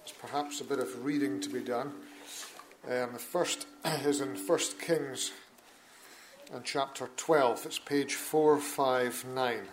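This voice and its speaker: Man reading scripture aloud, measured. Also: mid-range voice, poor audio. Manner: measured, steady reading of old-fashioned scripture with brief asides to the listeners. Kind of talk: Bible reading at a church meeting.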